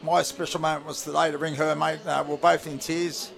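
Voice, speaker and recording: A man's voice: a little high, flat delivery, brisk, creaky, fairly bright tone. A man with an Australian accent, a former player and commentator, chatting casually on radio in a laid-back way with many fillers. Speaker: rugby league commentator, studio guest.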